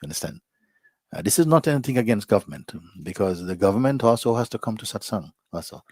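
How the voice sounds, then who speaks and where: In a studio-quality, dry recording, a male spiritual teacher gives a reflective, unhurried satsang talk to a live gathering, frequently softening to near a whisper. His fairly low voice is slightly rough yet animated.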